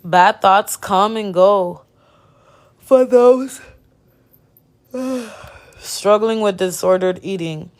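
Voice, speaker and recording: A woman reading the lines of a calm counselor who speaks in a gentle, encouraging way. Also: medium pitch, drawn-out words, long pauses. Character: calm counselor leading a family session.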